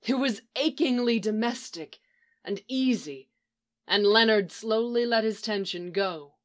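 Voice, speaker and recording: A woman reading a piece of fan fiction aloud, in steady, measured audiobook narration. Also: fairly high pitch.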